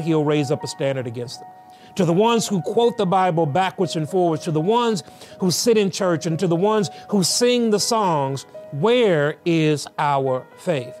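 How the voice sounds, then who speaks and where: A male pastor preaching a sermon with rhythmic repetition and emphatic pauses. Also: on the high side, darkish tone.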